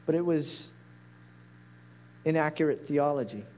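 A man's voice: on the high side, measured pace, dark tone. A man preaching a sermon as a pastor, earnest and pleading, building to intense peaks.

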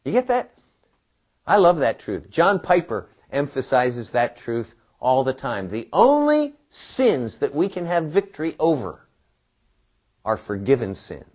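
A man's voice: mid-range voice, a little slow, highs cut off. A man giving a Bible teaching talk, quoting scripture and asking the listeners questions. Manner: animated, asks the listeners questions and quotes scripture.

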